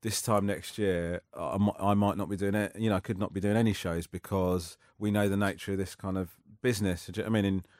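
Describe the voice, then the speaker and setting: Brief: male comedian guest, low-pitched, rambling and self-deprecating, dry close sound. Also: steady tone, fast talker, hardly any pauses, a little mellow, dry recording. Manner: rambling, self-mocking, laughs often. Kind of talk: casual interview chat.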